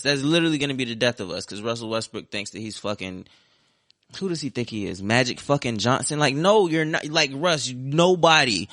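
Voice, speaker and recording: Young male podcast host, forceful bright voice, profane sarcastic sports rant, dry close sound. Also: mid-range voice, dry recording. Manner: heated, profane, sarcastic ranting. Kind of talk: ranting sports talk.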